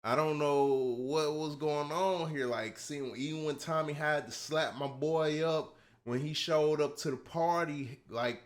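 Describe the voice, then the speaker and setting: A man hosting a casual TV reaction video, talking to his viewers, swinging from quiet musing to loud excited hype. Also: fairly high pitch, unhurried. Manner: excitable, addresses viewers as y'all, drifts between hushed musing and loud hype.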